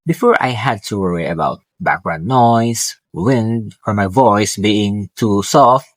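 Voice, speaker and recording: A man's voice: lowish voice, dry recording. A male student vlogger casually and eagerly talking through his home tech, with small slips and restarts. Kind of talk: casual tech vlog talk. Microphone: clip-on wireless mic.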